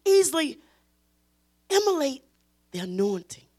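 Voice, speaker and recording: A woman teaching a Bible study in an emphatic preaching style, repeating phrases and pushing her voice toward a shout. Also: sits high, sing-song, measured pace.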